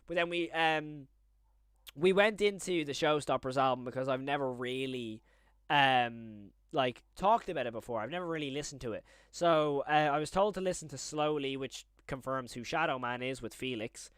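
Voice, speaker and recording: A young man talking his way through a live stream in a chatty, rambling manner, quickly getting excited. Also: medium pitch, clean tone, no room sound, clean studio sound.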